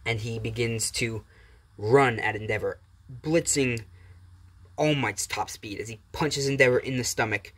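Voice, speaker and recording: A man's voice: mid-range voice, unhurried, fairly bright tone, breathy edge. Man rambling through a fan story. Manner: rambling, with fillers and restarts. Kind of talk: improvised fan-fiction narration.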